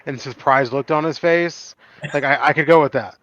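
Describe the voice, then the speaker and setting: A man's voice: a little high, normal speed, a bit bright, no echo. Dry-voiced sarcastic male co-host. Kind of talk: casual movie review chat. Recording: dry, dull lo-fi sound.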